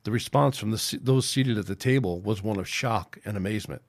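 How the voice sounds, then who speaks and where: A man's voice: lowish voice, fairly quick, no echo, clean studio sound. Man reading his own sci-fi story. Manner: plain, unpolished reading with restarts. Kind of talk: amateur audiobook narration.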